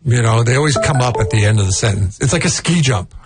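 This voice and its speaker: A man's voice: mid-range voice, animated, fast talker, music in the background. A man co-hosting a morning radio show, rambling and stammering through casual banter. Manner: rambling, stammers, laughs easily.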